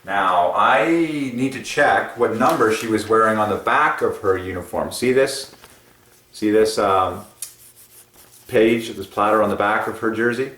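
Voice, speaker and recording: Excitable man in a very echoey room. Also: a little slow. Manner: excitable, with many fillers and sudden jumps in pitch. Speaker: religious numerology video host. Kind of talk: rambling casual monologue. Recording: very echoey room, far from mic.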